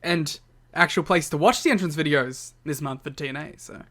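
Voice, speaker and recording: Bright-voiced playful podcast co-host man. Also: fairly high pitch, a little fast. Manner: playful, laughs often, jokes about doing accents. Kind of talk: casual chat.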